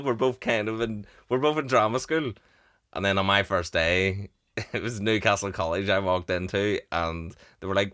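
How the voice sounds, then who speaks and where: A man's voice: fairly low pitch, moderate pace, bright, forceful tone, clean tone. A young man in his twenties hosting a podcast, chatting casually, laughing often and acting out what others said. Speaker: podcast host. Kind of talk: casual chat.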